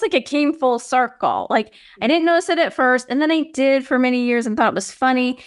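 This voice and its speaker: A woman guest on a casual podcast, starting hesitantly with restarts, her voice jumping high when she quotes her own thoughts. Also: normal speed, few pauses.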